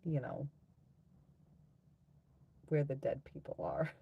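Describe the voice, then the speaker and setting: A woman's voice: extremely low pitch, very animated, takes it slowly, gravelly, slightly rough, narrow, tinny audio. A woman, hosting a casual livestream and chatting crudely and teasingly with viewers. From New Zealand. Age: 30s. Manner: crude, giggly, teasing banter with frequent laughter. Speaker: livestream host. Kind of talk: casual live chat with viewers.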